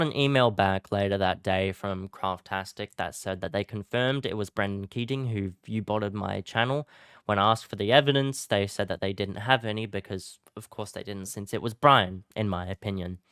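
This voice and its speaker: Low, smooth-voiced young guy. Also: moderate pace, fairly bright tone, no echo, studio quality. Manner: casual, self-deprecating, with filler "uh"s. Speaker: YouTube commentary creator. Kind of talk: casual scripted commentary.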